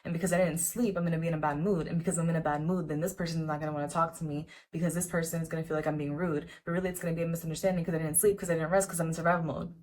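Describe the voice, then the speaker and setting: A woman's voice: sits low, steady tone, racing, few pauses, darkish tone. A young woman vlogging to camera in a casual, earnest, encouraging way, full of "like" fillers and repeated words. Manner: chatty, repetitive, lots of "like" fillers. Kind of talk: casual motivational talk to camera.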